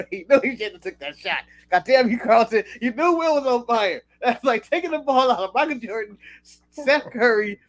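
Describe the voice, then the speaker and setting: A high-pitched American man talks wrestling in a loose, blunt podcast chat. He swears freely and chuckles at his own jokes. The sound is dry and close. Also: animated, brisk, no echo. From United States. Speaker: podcast co-host.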